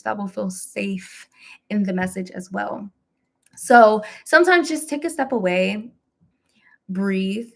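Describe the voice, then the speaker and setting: A woman speaks to her live-stream viewers in a relaxed, chatty way, giving gentle spiritual encouragement. Her voice sits in a middle pitch, and her phrasing is loose and colloquial. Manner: warm, chatty, with laughs, mild self-deprecation and AAVE phrasing. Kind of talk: casual spiritual pep talk on a live stream.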